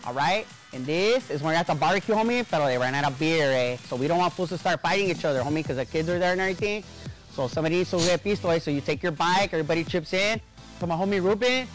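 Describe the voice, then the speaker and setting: A streetwise cholo cycling instructor, played by a man coaches in a high, quick patter, laid-back and slangy. Faint music sits behind his voice in the comedy clip. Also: lightly acted. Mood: coaching. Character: streetwise male cholo spin-class instructor. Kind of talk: comedy sketch as a fitness instructor.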